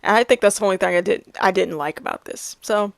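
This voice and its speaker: A woman's voice: medium pitch, fast talker, vocal fry, no room sound. A woman in her thirties chatting casually about her favorite films, laughing often and restarting her sentences. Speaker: movie reviewer. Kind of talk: casual movie review chat.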